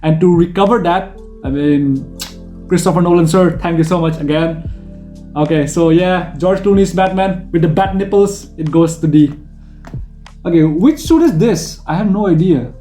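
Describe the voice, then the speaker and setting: A man giving casual, excitable tier-list commentary as a gaming video host, rambling with frequent repeats and restarts. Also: a little high, normal speed, faint music behind.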